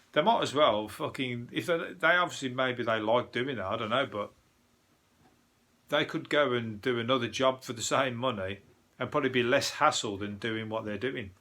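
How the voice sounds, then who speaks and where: A man's voice: medium pitch, bright, forceful tone. A man with a Birmingham accent, a comedian and podcast host rambling through a casual news review, swearing freely with jokey asides and lots of fillers. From England.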